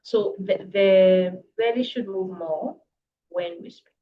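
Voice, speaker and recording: A woman coaching public speaking in a live online workshop, brisk and encouraging, reading viewers' comments aloud. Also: mid-range voice, phone-quality sound, slight background noise. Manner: brisk, encouraging, reads chat comments aloud, laughs often. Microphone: video call.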